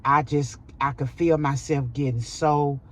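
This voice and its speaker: A middle-aged woman vlogger telling a personal story in an animated way, with dramatic exclamations. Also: very deep voice, measured pace.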